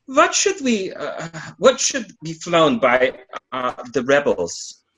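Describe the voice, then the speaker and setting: A man voicing a medieval peasant rebel in a put-on German accent, halting and hesitant. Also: a little high, very animated, fairly bright tone, pitched above the performer's own voice, heavily acted. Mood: eager. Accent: German, put on badly.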